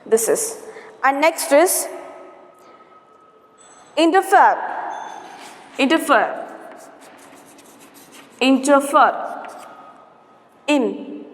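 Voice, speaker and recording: A woman's voice: high-pitched, expressive. A woman, teaching a grammar lesson, repeating words and saying "okay" often. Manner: slow, repetitive, spells out syllables, frequent "okay". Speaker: English teacher. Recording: roomy echo with long reverb.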